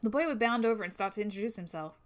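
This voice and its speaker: A woman's voice: mid-range voice, expressive, racing. A woman reading a fan-made game story aloud on a livestream, casual in manner. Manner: casual, with swearing asides. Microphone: new microphone.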